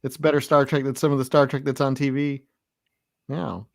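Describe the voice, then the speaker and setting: A man co-hosts a casual chat. His voice sits at a middle pitch, and he drops dry, low-key asides. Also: level tone, normal speed, gravelly. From American South. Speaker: host.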